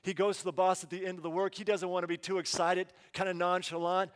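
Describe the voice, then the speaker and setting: High-voiced guy preaching, acts out a story with all the voices, big hall echo. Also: quick pace, hardly any pauses, clean tone. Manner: animated, acts out the story with quoted dialogue. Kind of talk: dramatic first-person sermon storytelling. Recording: long hall reverb.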